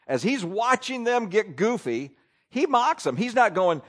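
A man preaching a sermon to a congregation, folksy and animated, swinging between loud bursts and soft asides. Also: sits high, measured pace. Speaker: pastor.

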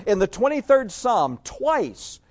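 Guy preaching a folksy sermon, kinda high voice, asks the crowd questions. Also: very animated, takes it slowly. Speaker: pastor.

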